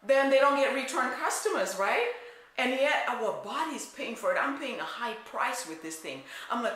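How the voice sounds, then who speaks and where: Animated woman in a very echoey room. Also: fairly high pitch. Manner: animated, acts out quotes, frequent "right?" asides. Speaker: weight-loss coach. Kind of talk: personal storytelling to camera.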